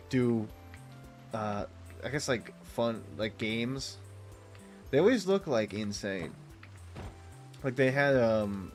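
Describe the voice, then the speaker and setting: A young man streaming a game, chatting casually with viewers in a rambling, self-mocking way and laughing often. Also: medium pitch. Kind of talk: casual gameplay chat with viewers.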